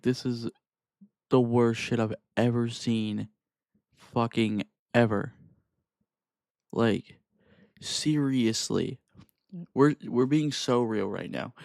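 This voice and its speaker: A man's voice: mid-range voice, creaky, a little mellow, no echo. Young man, profane exasperated rant, dry close mic. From Texas. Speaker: vlogger. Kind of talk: angry rant to camera.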